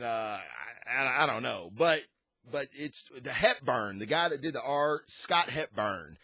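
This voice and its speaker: A man's voice: a little high, sharp tone, dry recording. A man hosting a casual comic book review, rambling and enthusiastic with frequent restarts.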